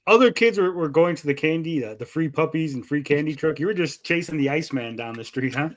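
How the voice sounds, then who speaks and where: A man's voice: fairly high pitch, animated, fast talker. A man co-hosting a casual podcast chat, telling stories animatedly and swearing freely. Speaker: podcast co-host.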